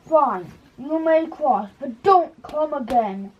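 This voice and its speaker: Puppet-show water dragon, a big, terrible, hungry male voiced by a woman; high-pitched and slow, with gruff threats. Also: lively intonation, dull audio. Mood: threatening.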